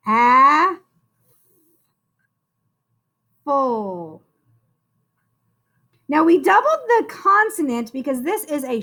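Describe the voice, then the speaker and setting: A woman teacher leads a slow, sing-song phonics spelling lesson for young children, encouraging each child and calling them "friend." Her voice sits high and has a sharp tone.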